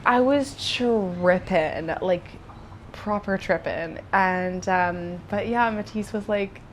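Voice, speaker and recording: A woman's voice: medium pitch, slow pace, slight background noise. A young woman vlogger telling a personal story in a casual, chatty way, with lots of fillers and restarts.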